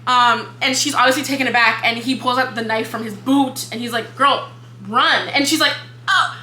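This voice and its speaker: A young woman co-hosting a book podcast, retelling the plot in casual chat, expressive and swearing freely. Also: fairly high pitch, moderate pace. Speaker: podcast co-host. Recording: echoey room with faint hum.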